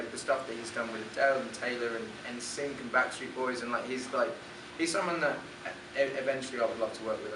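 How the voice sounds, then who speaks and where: A young English man speaks as a guest in a casual radio interview. He rambles in a relaxed way and restarts his sentences often. The recording is roomy and distant, with noticeable background noise. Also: mid-range voice. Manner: relaxed and rambling, with false starts. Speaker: musician guest.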